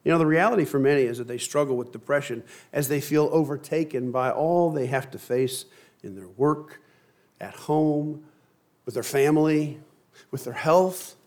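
Man preaching a sermon, relaxed and conversational, light humor, somewhat high voice. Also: normal speed. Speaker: pastor.

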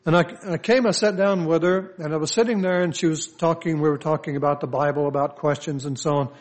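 A man's voice: fairly high pitch, fairly even intonation, quick pace. Older man preaching a story-filled sermon. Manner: conversational, anecdotal, with frequent restarts. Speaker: pastor.

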